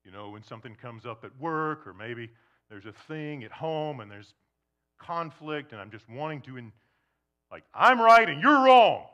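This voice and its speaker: A man preaching a sermon to a congregation, shifting between loud emphasis and hushed near-whispers, and acting out imagined questioners. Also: medium pitch, moderate pace, lo-fi sound. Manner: acts out imagined questioners in quoted asides. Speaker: pastor.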